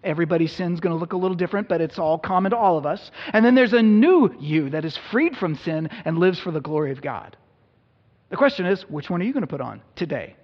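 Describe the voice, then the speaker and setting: A man's voice: sits high, lively intonation, fast talker. A man preaching an Easter sermon as a pastor, conversational and self-deprecating with humor. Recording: dull audio in a reverberant hall.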